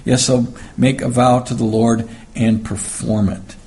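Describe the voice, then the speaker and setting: A Bible teacher with a mid-range, darkish voice speaks flatly and unhurriedly through a verse-by-verse Bible study sermon. His conversational teaching is full of fillers and restarts, and he acts out the voices in the passages he reads.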